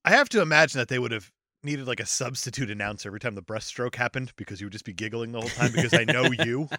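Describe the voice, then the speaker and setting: A man's voice: medium pitch, rapid-fire, no echo, clean studio sound. A man hosting a podcast, chatting casually and joking crudely. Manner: joking, profane, lively. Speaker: podcast host. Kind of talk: casual chat.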